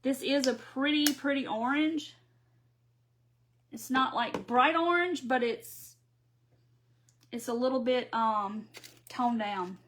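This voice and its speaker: A woman's voice: high-pitched, slow, long pauses, a bit bright, a little hiss or hum. A middle-aged woman from Mississippi with a Southern accent, chatting casually through a crafting live stream and reading viewer comments aloud.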